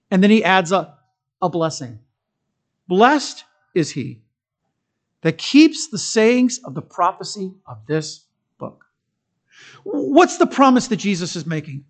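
A male pastor giving a sermon in a church. He is emphatic and conversational, moving between strong stresses, quiet asides and humorous stories. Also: very high-pitched, big pitch swings, a little slow, pauses often.

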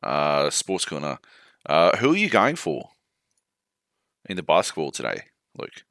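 A man's voice: a bass voice, wildly swooping pitch, unhurried, creaky, a bit bright, no echo, studio quality. An Australian man co-hosting a gaming podcast at home on a laptop mic, in sweary, jokey casual chat. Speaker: podcast co-host.

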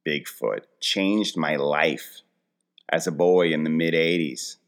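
A man's voice: a bass voice, takes it slowly. A man in his forties hosting a casual comedic monologue, rambling and poking fun at himself. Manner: rambling, self-deprecating storytelling.

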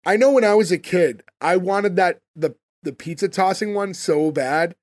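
Speaking at normal speed in a high voice with no echo, a man hosting a casual podcast walks through scenes from an episode. Puzzlement runs through it as he keeps asking questions, with "like" filling many of his sentences.

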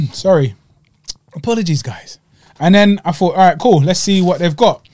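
A young man, telling a casual story on a podcast, animated and full of slang and punchy sound words. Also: sits high, a little slow, slight background noise. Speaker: podcast co-host.

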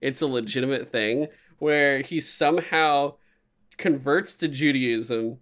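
A man's voice: medium pitch, takes it slowly. A man in casual podcast chat, rambling and swearing as he animatedly retells a story. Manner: rambling, profane, animated retelling with put-on voices.

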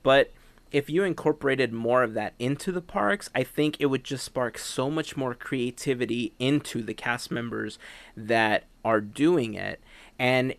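A man's voice: medium pitch, a little slow, creaky, no room sound. A man co-hosting a casual podcast chat, speaking in an earnest, heartfelt way. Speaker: podcast co-host.

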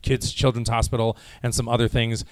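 An American voice actor, a man from the United States, fields fan questions at a casual panel Q&A. His medium-pitched voice is level and brisk, and he rambles chattily with lots of fillers and restarts, sounding a little jet lagged. A faint hiss or hum sits under the recording.

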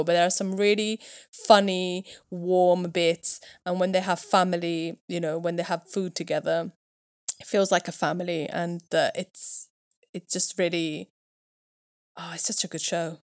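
Podcast woman chatting, gushing and halting, lowish voice, dry close sound. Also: steady tone, darkish tone, no echo. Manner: enthusiastic, halting. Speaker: podcast co-host. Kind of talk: casual chat.

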